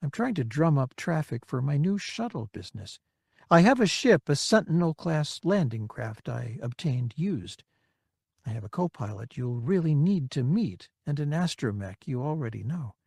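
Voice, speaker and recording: A man voicing a hopeful young woman in a recorded message, speaking gently and hesitantly in an audiobook. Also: on the high side, sing-song, normal speed, gravelly, slightly rough, no room sound, clean studio sound, full character voice. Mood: hopeful, tentative. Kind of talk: audiobook character reading.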